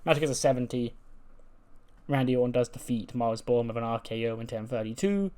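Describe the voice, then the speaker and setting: A man narrates a game session in a relaxed, rambling manner, filling his sentences with casual asides. His voice sits at an ordinary middle pitch for a man. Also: fairly quick, clear, resonant tone. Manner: chatty, with many fillers. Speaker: video game let's play host. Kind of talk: casual let's play narration.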